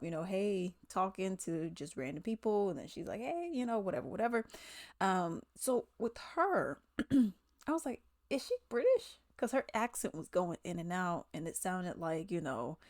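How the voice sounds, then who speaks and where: A woman's voice: lowish voice, no room sound. Chatty woman vlogger, dry sound. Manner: chatty, slangy, with frequent asides. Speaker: commentary vlogger. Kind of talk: casual chat.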